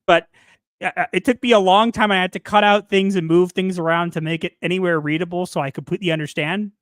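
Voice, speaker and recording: A man co-hosting a podcast in casual chat, animated and playful, sometimes ranting. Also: sits high, quick pace, no echo, clean studio sound. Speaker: podcast co-host.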